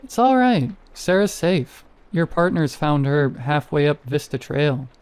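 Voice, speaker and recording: A man playing a calm male park ranger who reassures a frightened hiker. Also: on the high side, unhurried, clean tone, no room sound. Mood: reassuring. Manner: steady and reassuring.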